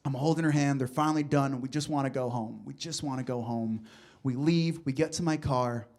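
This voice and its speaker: A man's voice: mid-range voice, a little fast, a little mellow. A man performing a stand-up comedy set on a club stage, chatty and loose, often laughing and talking to the crowd. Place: comedy club stage before a live audience.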